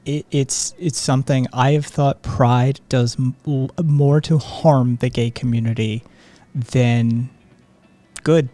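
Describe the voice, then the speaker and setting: A live stream host chatting casually and reading viewer comments in a soft, sedated way, with frequent ums and laughs. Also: mid-range voice, fairly even intonation, slow.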